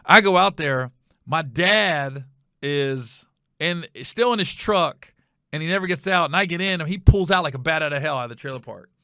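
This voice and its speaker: A middle-aged man tells a story in casual, animated bursts as a podcast host. His voice is bright and a little high. It sounds close and dry, with no room around it. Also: moderate pace, dry recording. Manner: animated, acts out voices with high shouts, laughs at own story.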